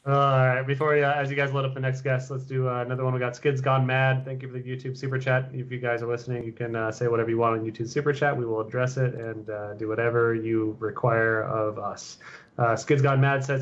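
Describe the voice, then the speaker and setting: A man's voice: medium pitch, fairly even intonation, moderate pace. Joking man hosting a podcast. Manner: joking, mock game-show announcing. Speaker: podcast host. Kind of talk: casual livestream podcast chat. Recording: slightly dull lo-fi audio.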